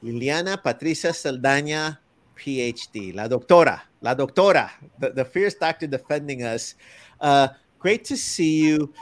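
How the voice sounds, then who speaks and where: A man's voice: on the high side, a little slow. A man hosting a conversational interview, enthusiastic, mixing Spanish words into his English. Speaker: host.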